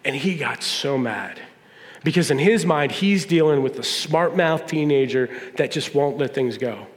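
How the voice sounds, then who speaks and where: A man's voice: a little high, unhurried. A middle-aged man, a pastor, preaching a humorous storytelling sermon and acting out family dialogue. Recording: long reverb of a large hall.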